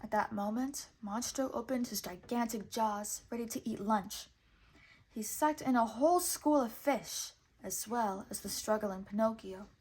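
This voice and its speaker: A woman reading a children's storybook aloud in clear, measured narration. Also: a little high, darkish tone. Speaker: storybook reader.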